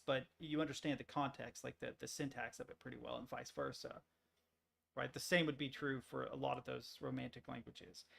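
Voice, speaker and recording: Gravelly, swearing streamer man. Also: mid-range voice, fairly bright tone. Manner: swears freely, rambling with many restarts. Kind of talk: casual rambling chat while working on stream.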